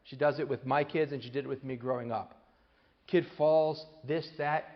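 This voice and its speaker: A man giving a parenting talk to an audience, telling lively stories and acting out the voices of the people in them, with many restarts. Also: medium pitch, moderate pace. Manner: animated storyteller, acts out quoted voices, many restarts. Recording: long hall reverb, dull lo-fi sound.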